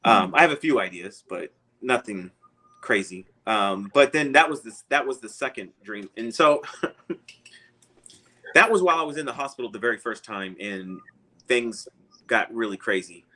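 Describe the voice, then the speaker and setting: A man's voice: medium pitch, a little slow, pushed and bright, rough recording. A man, a guest, telling a long personal story in a casual, rambling way and chuckling often.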